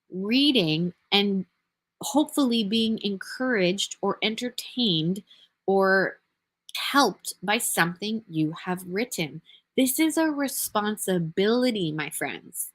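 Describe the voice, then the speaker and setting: A woman business coach giving an earnest, emphatic motivational talk, sounding tired and talking quickly. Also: mid-range voice, a bit bright. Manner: earnest, emphatic, talks fast.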